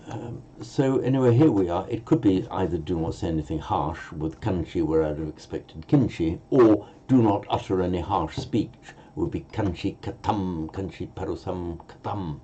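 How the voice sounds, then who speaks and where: Low gravelly guy teaching grammar, lots of ums, fixes himself as he goes, dull lo-fi mic. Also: moderate pace, dark tone, slight background noise. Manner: thinking aloud, self-correcting, with many fillers. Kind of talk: language lesson.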